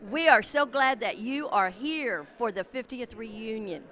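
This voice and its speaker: A woman's voice: on the high side, lively intonation, measured pace, bright, forceful tone. A woman in her sixties interviewing guests on a red carpet at a class reunion, effusive and teasing. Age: 60s. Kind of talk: casual event interviews.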